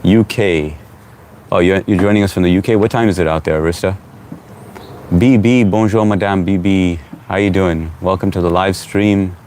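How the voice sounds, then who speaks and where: A low-voiced man runs a laid-back home live stream, reading out viewer comments and saying hello to each person by name. His talk is loose, chatty, and fairly quick, with faint background noise beneath it.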